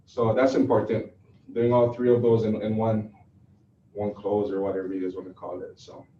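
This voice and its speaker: A man's voice: lowish voice, little pitch movement, normal speed, slight background noise. A man leading a sales training session, talking loosely and chattily with many fillers. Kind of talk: classroom training talk. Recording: echoey, distant, dull room recording.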